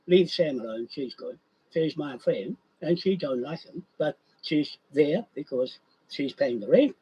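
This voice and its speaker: A man's voice: high voice, a little mellow, husky, rough recording. An older man, ranting in a rambling monologue and repeating himself. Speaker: vlogger.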